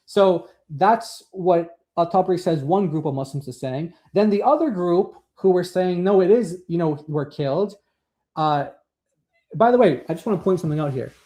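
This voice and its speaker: A man's voice: sits high, expressive, normal speed, mellow. A man co-hosting a casual discussion, reading quotes from a text and commenting in a rambling way with many fillers. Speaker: co-host.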